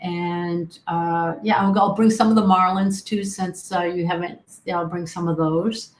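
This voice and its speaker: A woman's voice: on the low side, steady tone. Friendly woman in an echoey room. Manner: friendly, quick reactions and soft asides. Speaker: podcast guest. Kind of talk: casual chat.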